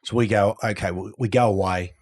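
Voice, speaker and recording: A man's voice: fairly low pitch, brisk. A middle-aged Australian man telling a story casually as a podcast guest, acting out what other people said. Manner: animated yarn-spinner who acts out other people's lines. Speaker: guest, former rugby league player.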